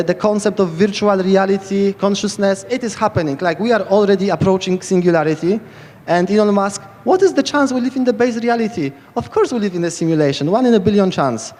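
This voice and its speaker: A man's voice: sits high, brisk, darkish tone. A man from Poland with a Polish accent, giving an enthusiastic, rambling lightning talk full of fillers. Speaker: speaker giving a short conference talk. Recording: echoey hall reverb.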